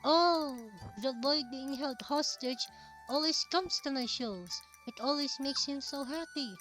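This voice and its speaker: A woman's voice: sits high, unhurried, fairly bright tone, faint music behind. A woman voicing an earnest timid puppeteer. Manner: earnest, eager, pleading.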